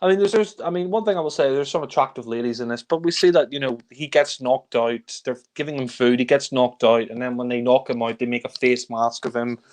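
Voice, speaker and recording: A man reviewing films in a casual chat, exasperated and swearing freely, sometimes mimicking characters with shouts. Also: medium pitch, a little fast, hardly any pauses. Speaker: film reviewer. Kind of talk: casual film discussion.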